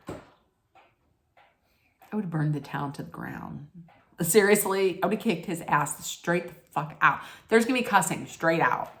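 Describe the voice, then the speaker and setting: A woman's voice: fairly low pitch, expressive, moderate pace, pauses often, fairly bright tone. A woman ranting casually in a vlog recap, blunt and emphatic, cursing freely and using plenty of fillers. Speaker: vlogger recapping a reality show. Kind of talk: casual rant.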